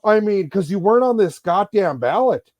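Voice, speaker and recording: A man rants on a podcast, swearing and exasperated, his voice pitched fairly high for a man. The sound is dry and close, with no room echo behind him. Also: expressive, normal speed, a little mellow. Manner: profane, exasperated ranting. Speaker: podcast co-host. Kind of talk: casual podcast chat.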